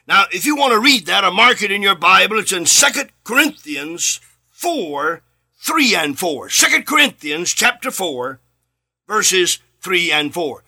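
A middle-aged man preaching a sermon, impassioned, repeating phrases and swinging from shouts to quiet lines. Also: very animated, measured pace, breathy edge. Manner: impassioned, rising to shouts then dropping low.

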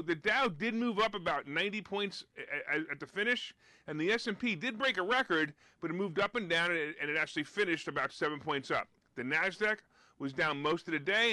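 A man from the United States hosting a live-streamed finance talk show, giving emphatic, sarcastic commentary that gets loud on his punchlines. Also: high-pitched, no echo.

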